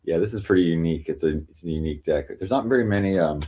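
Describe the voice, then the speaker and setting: A man hosts a casual livestream from home and reads strange fortune cards aloud. His voice sits low and mellow. He rambles, piles up fillers, and reels off lists of meanings. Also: rapid-fire, rough recording. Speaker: livestream host reading cards.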